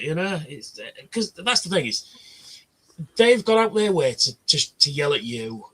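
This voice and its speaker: A man's voice: a little high, lively intonation, moderate pace, bright, forceful tone. A man hosting a casual livestream chat, telling blunt stories and swearing freely. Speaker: livestream host.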